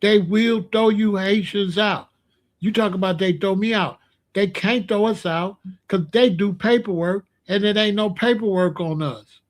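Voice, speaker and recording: Ranting vlogger, male, high voice, repeats himself, punches lines loudly. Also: a little slow. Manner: animated, with emphatic repetition and loud outbursts. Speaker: commentary vlogger. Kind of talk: casual ranting commentary.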